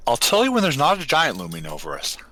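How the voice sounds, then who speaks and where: A man voicing a sly young rogue from a secret order, talking in a wry, lively way, as a player in an online tabletop game. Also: mid-range voice, fast, no room sound, full character voice, poor audio.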